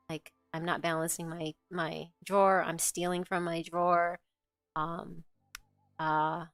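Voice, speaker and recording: A woman's voice: lowish voice, fairly bright tone, clean tone, dry recording. A middle-aged woman co-hosting a show, telling a personal story in a candid, rambling way, with lots of fillers and swearing. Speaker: co-host.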